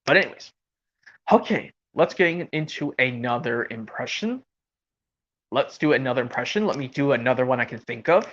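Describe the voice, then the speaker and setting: A woman's voice: extremely low pitch, lively intonation, normal speed. A woman chatting casually and rambling with enthusiasm between voice impressions. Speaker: streamer doing voice impressions. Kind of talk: casual chat. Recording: dull lo-fi audio.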